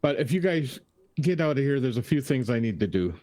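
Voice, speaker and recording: A man speaking in character as a player in a tabletop role-playing game, earnest and measured. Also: medium pitch, big pitch swings, warm tone.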